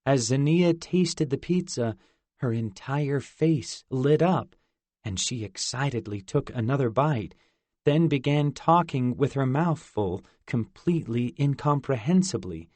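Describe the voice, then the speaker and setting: A man narrating a novel in an even storytelling manner. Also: medium pitch, unhurried, no echo. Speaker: audiobook narrator. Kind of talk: scripted narration.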